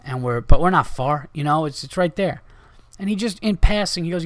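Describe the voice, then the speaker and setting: Animated swearing man telling a story. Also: on the high side, brisk, dry recording. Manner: animated, swearing, acts out quoted people. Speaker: comedian and podcast host. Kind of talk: casual storytelling monologue.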